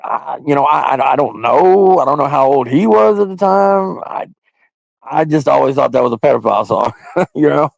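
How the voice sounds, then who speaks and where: A man with a heavily gravelly, fry-laden voice talks to his livestream viewers in a loose, crude, rambling way. His pitch swings around a lot as he goes, and the sound is dry and close, with no room around it. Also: expressive, moderate pace, no echo. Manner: crude, loose and rambling, often breaking into laughs. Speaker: livestream host. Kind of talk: casual live-stream chat with viewers.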